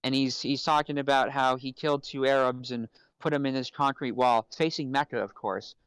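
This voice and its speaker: A man's voice: mid-range voice, fairly even intonation, a little fast, fairly bright tone, smooth, dry recording, poor audio. A man on a podcast, talking casually about a film and stammering, repeating words over and over. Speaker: podcast co-host.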